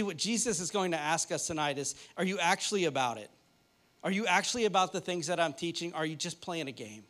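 A man in his late thirties gives a sermon in a relaxed, conversational way, slipping into funny stories and playful asides. His voice sits a little higher than most men's. He speaks to the congregation as if chatting with friends. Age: 30s. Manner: conversational, joking storyteller. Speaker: pastor.

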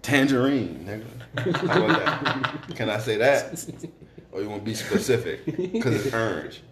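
A man's voice: fairly low pitch, animated, moderate pace, echoey room, very noisy. A man, co-hosting a casual podcast, laughing and cursing as he tells stories. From Baltimore. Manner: laughing storyteller, profane. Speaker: podcast co-host. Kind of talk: casual chat.

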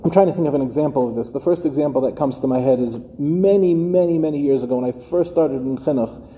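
Middle-aged rabbi lecturing in a hall. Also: male voice, on the high side, fast talker, dark tone. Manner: conversational, addresses listeners directly with rhetorical questions. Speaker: rabbi teaching educators. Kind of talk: lecture to a live class.

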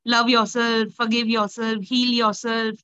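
A woman's voice: on the high side, level tone, unhurried, sharp tone, smooth, no echo. A woman with an Indian accent talks hesitantly in casual chat, dropping in Hindi fillers, over a video call. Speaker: summit participant. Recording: dull, dry video call audio.

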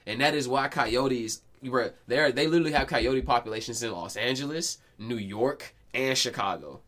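A man in his twenties hosting a podcast, telling stories in casual, slangy talk full of swearing and quick restarts. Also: medium pitch, fairly bright tone. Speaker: podcast host. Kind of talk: casual chat.

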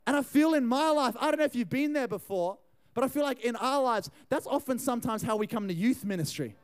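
High-voiced young man preaching. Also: brisk, smooth. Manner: animated, chatty, addresses the crowd. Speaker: youth pastor. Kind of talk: storytelling sermon.

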